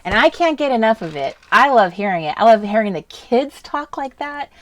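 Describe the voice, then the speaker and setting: A woman's voice: a little high, very animated, moderate pace. A woman from the US West Coast hosting a casual crafting live stream, talking in a chatty, rambling way and laughing often. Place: indoors at a home craft desk. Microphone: desk webcam setup.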